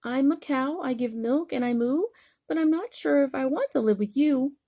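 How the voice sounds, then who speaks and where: A woman's voice: high voice, expressive, normal speed, mellow, pitched above the performer's own voice. A woman voicing a sad, lonely female cow with a plaintive, wistful manner in a bedtime storybook reading.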